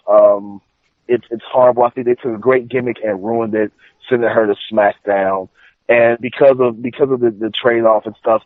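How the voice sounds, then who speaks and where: A man's voice: medium pitch, dry recording. A man giving rambling, filler-heavy opinions as a podcast panelist. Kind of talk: casual podcast chat. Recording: dry phone-like line.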